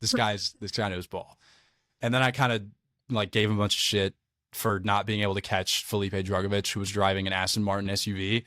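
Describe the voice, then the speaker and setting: A young man from Alabama, a podcast guest telling lively stories in casual chat, swearing now and then. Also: fairly low pitch, fast, no echo, clean studio sound. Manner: animated storyteller, swears casually.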